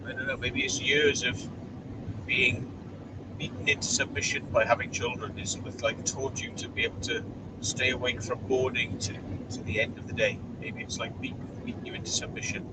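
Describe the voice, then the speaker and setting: A man with a mid-range voice whose pitch swoops wildly talks at a normal speed while driving. He's hosting a casual live stream from inside his car, chatting and reading viewer comments aloud, picked up by a distant mic under loud car noise.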